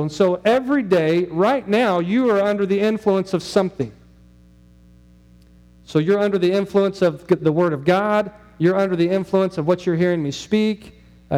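A middle-aged man preaches a sermon with a fairly high yet mellow voice. He talks to the congregation conversationally and keeps asking them questions. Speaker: pastor.

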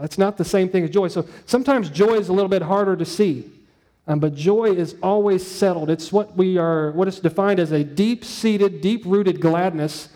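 Male pastor, easygoing sermon delivery, slightly high, warm tone. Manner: conversational, storytelling, frequent "um" and "right?".

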